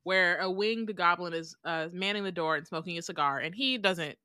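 A woman's voice: fairly low pitch, moderate pace, pushed and bright, clear, resonant tone, dry recording. A woman co-hosting a book podcast, chatting casually with many fillers and reading passages aloud. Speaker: podcast co-host.

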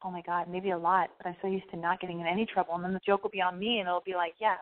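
A woman's voice: lowish voice, little pitch movement, rapid-fire. A young woman hosting an online radio show, telling a story in a rambling, profane, self-interrupting way. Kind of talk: casual rambling monologue. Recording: phone-like narrow band audio.

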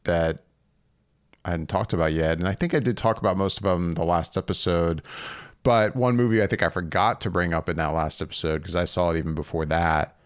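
Deep voiced guy on a podcast, smooth tone, rambly and laughy, real dry sound. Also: fairly quick, no room sound. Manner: rambling, often laughing, many restarts. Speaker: podcast co-host. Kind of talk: casual chat.

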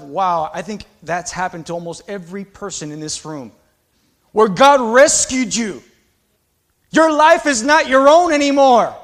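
A male pastor preaches a sermon passionately, alternating between loud exhortation and quiet, confiding asides. His voice is very high-pitched.

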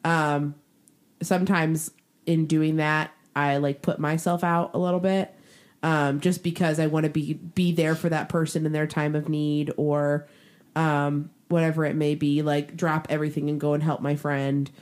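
A tired woman with a lowish voice co-hosts a casual podcast chat. She talks in a rambling, hesitant way. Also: level tone, normal speed, darkish tone. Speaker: podcast co-host.

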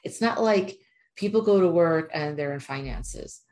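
A woman's voice: low-pitched, expressive, measured pace, a little mellow. A woman who works as an animal communicator, telling a personal story in a chatty, emphatic way with lots of fillers. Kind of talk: casual storytelling monologue.

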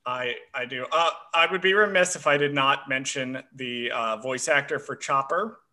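Bright-voiced chatty man. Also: medium pitch, normal speed. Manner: chatty, self-described history nerd, frequent uh fillers. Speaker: podcast co-host. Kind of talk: casual chat.

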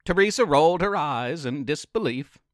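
A man reading a children's adventure story aloud as narrator, slow and expressive. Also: on the high side, no echo, clean studio sound. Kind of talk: scripted narration.

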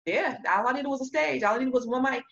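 Animated storytelling woman, slightly lo-fi. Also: sits high, fast talker, vocal fry. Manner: animated, acts out quoted voices, laughs often. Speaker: real estate business owner. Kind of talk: casual storytelling chat.

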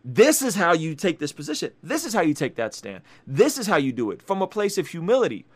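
A man's voice: a little high, wildly swooping pitch, a little fast, breathy edge. Emphatic young man giving commentary. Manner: emphatic, repeats phrases, asks "right?". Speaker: Christian commentator. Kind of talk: casual video commentary.

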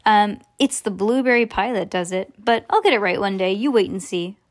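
A woman's voice: mid-range voice, normal speed, lightly acted. A woman reading aloud and voicing an eccentric middle-aged male sweet-maker, sighing and matter-of-fact. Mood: rueful.

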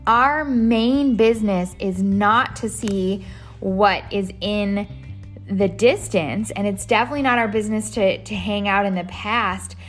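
A woman in her thirties hosts a solo podcast in a loose, chatty way, full of ums and quick restarts. Her voice sits at an ordinary middle pitch. Soft music plays faintly underneath. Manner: chatty, many fillers and restarts. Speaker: podcast host. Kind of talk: casual solo podcast talk.

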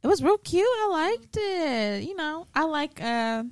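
Woman panelist, higher-pitched voice, relaxed chatty podcast guest. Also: a little slow, dry recording, studio quality. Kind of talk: casual podcast chat.

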